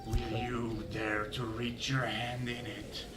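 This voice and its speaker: A man playing an ominous keeper of a desert trial in a commercial, slow and dramatic. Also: mid-range voice, little pitch movement, music in the background, natural voice.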